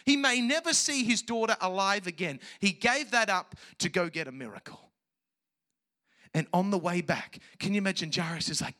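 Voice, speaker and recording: Man, pastor, lively sermon delivery, sharp bright tone. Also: sits high, moderate pace. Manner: animated preacher, big swings from hushed to loud. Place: church service with children present.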